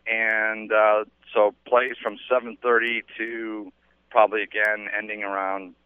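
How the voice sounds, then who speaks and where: A man's voice: fairly low pitch, little pitch movement, a little slow, smooth, dry recording. A man who organizes a golf tournament, interviewed live outdoors on the radio. He speaks in an enthusiastic, rambling way with lots of fillers. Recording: tinny phone-line audio.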